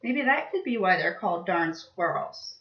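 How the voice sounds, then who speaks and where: A young woman teaching vocabulary to small children, speaking slowly and with exaggerated emphasis. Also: on the low side, animated, a bit bright. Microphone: laptop webcam. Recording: distant, roomy, dull webcam audio.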